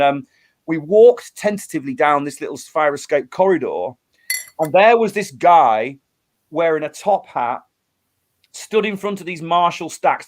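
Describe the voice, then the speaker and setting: Middle-aged male musician guest, slightly high-pitched, animated storyteller with restarts. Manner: animated storyteller, acts out quotes, many restarts. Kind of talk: storytelling in a casual interview.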